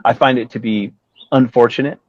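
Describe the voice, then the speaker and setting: A middle-aged man spins a rambling anecdote in a relaxed interview, jumping up into the voices of the people in his story and swearing freely. The sound is dry and a little dull. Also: medium pitch, a little fast, no room sound. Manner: rambling anecdote with acted-out quotes and profanity. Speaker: guest musician.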